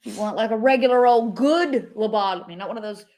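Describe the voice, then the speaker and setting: A woman's voice: on the high side, quick pace, a little mellow. A woman co-hosting a paranormal podcast livestream, chatting with dry, playful asides. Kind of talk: casual livestream chat.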